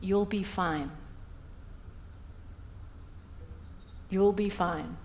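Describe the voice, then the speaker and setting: A woman speaker putting on the soft, coaxing voice of her tiny, gentle mother in an echoey hall. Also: fairly high pitch, expressive, normal speed, slight background noise, close to an everyday voice.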